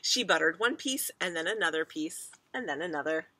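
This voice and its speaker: A woman's voice: lowish voice, animated, fairly quick, pushed and bright, no echo. A woman teacher reading a children's book aloud to her class, with chatty asides to the children.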